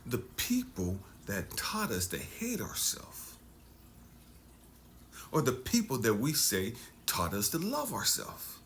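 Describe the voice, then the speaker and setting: A man speaking as a life coach in an intense motivational talk, dropping to hushed near-whispers and then surging for emphasis. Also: mid-range voice, wildly swooping pitch, takes it slowly, slight background noise.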